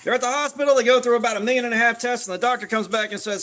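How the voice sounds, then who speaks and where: A man's voice: very high-pitched, racing, a bit bright. A man casually telling a crude joke with slang and fillers while crafting at home. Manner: loose, profane storytelling with slang and fillers. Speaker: crafting streamer.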